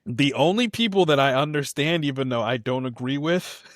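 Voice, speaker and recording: A man co-hosts a podcast in casual political chat, chiming in and repeating his partner's lines, laughing along. His voice is medium in pitch. It is recorded dry and close. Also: lively intonation, normal speed, no echo. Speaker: podcast co-host.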